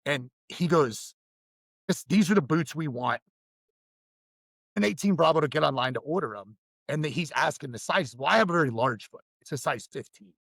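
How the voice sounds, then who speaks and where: Gravelly, animated man telling war stories. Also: fairly high pitch, normal speed, no room sound. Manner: profane, rambling storytelling. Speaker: podcast co-host. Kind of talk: casual chat.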